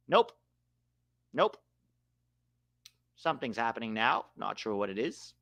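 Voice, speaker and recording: A man hosting a live match watch-along, calling the play in an excitable, joking way. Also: medium pitch, a little slow, pauses often. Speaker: host and commentator.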